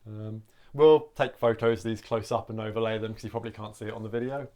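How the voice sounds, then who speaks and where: Chatty male co-host for a relaxed couple vlog. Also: on the low side, quick pace, crowd noise. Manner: chatty, jokey, reads aloud. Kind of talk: casual chat.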